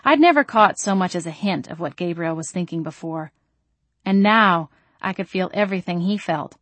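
A woman reading a first-person novel aloud in a calm, measured audiobook narration. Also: fairly low pitch, no echo.

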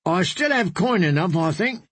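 A merry, drunken young singer with a pitched-up, husky voice, as a man puts him on for an audiobook. He talks in a loose, teasing swagger, close and dry. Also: animated, moderate pace, fairly bright tone, no echo, full character voice. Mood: tipsy boastful.

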